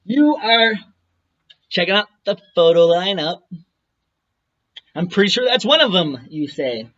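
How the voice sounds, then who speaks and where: Thirties guy ranting at the cam, high bright voice, swears a lot and taunts people, kinda dull lo-fi sound. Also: animated, normal speed, slight background noise. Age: 30s. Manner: profane, taunting, mocking; reads documents aloud between jabs. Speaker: vlogger. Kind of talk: ranting monologue to camera.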